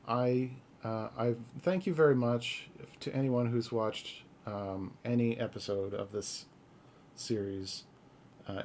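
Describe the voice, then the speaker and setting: A man hosting a live-coding stream, talking in a halting, earnest, soft-spoken way with a gravelly voice. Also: fairly low pitch, slight background noise. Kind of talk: casual live-stream talk.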